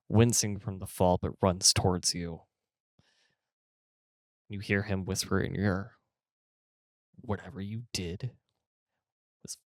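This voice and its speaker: A man with a very low voice running a tabletop game and describing scenes vividly in the second person. The recording is dry and close. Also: no room sound. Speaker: game master.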